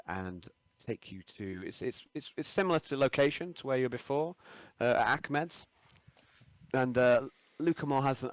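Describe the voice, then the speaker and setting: Brief: male game master, low voice, relaxed halting narration, dry close mic. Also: no room sound. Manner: relaxed, many ums and restarts.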